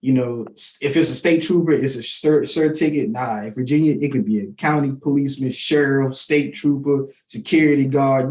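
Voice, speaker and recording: A man's voice: medium pitch, moderate pace, few pauses, a little mellow. A man co-hosting a podcast, chatting casually and telling stories, often acting out the voices of people he quotes. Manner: storytelling, acts out quoted voices. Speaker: podcast co-host. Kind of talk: casual chat. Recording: roomy echo.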